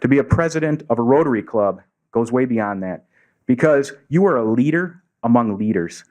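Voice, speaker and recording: A man's voice: mid-range voice, lively intonation, moderate pace, darkish tone. A man giving an earnest storytelling speech to a club audience in a meeting room, acting out the voices of people he quotes. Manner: earnest, acts out quoted dialogue. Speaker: Rotary district governor giving a speech.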